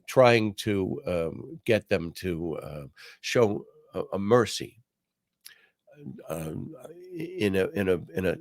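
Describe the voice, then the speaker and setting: A man's voice: low-pitched, gravelly, no echo, clean studio sound. An older man hosting a political commentary podcast, talking in a wry, sarcastic way with many fillers. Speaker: podcast host.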